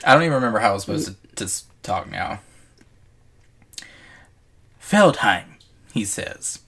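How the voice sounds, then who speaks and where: Male co-host, slightly low-pitched, halting and filler-heavy, casual and profane. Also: animated, creaky, pushed and bright. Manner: hesitant, lots of fillers and restarts, swears freely. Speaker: podcast co-host. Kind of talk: casual chat.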